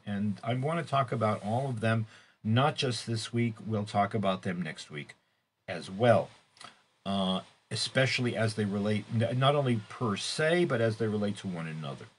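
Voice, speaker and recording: A middle-aged man living in Israel gives his weekly Torah class unscripted and halting, full of restarts and fillers, with sudden emphatic rises. His voice is lowish, expressive, and husky.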